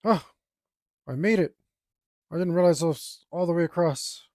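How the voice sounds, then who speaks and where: Guy rambling to viewers while he draws, mellow kinda high voice, dry close mic. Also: moderate pace, no echo. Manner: rambling, self-deprecating, groans and sighs aloud. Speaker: artist streaming his drawing process. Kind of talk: casual talk while working.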